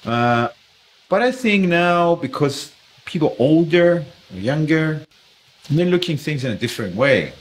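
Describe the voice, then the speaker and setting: A man's voice: fairly high pitch, big pitch swings, unhurried, a little hiss or hum, poor audio. A man hosting a podcast interview, asking questions while searching for words. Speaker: podcast host.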